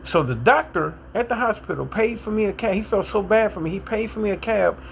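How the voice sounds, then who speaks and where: A middle-aged man casually telling his own recovery story with a Milwaukee accent, animated and acting out what people said. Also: brisk, vocal fry, a little hiss or hum. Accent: Milwaukee, African American Vernacular English. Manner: animated, acts out quotes, rises to excited high pitch in tense moments.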